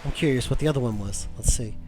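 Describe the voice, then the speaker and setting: Hoarse game developer muttering on stream. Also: male voice, medium pitch, fast talker, over music. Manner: muttering to himself while working. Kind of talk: casual live-stream talk.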